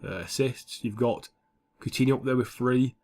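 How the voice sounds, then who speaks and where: A man's voice: mid-range voice, normal speed, darkish tone. A young man giving casual, sweary commentary over a football management game. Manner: blunt, sweary and offhand. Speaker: gaming YouTuber.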